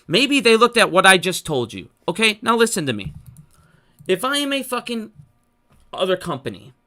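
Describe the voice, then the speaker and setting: A bright, sharp voice pushes through a heated, profanity-laced rant aimed straight at viewers. The speaker sounds fed up and talks in quick, insistent bursts. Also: medium pitch, very animated. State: frustrated. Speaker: stock market commentator. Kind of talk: unscripted solo rant to viewers.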